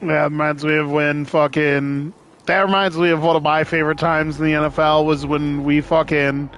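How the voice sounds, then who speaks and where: A man's voice: on the high side, moderate pace, slight background noise. A man in casual sports chat, telling stories with lots of swearing and acting out other people's lines. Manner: animated storytelling, heavy swearing, acts out quotes loudly.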